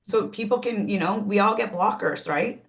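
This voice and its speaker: Woman on a zoom-type call giving tips, lots of ums, restarts, upbeat coaching vibe, normal pitch. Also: normal speed, creaky. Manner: energetic, many "um"s and restarts, coaching tone. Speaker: team trainer leading a call. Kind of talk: casual group video call.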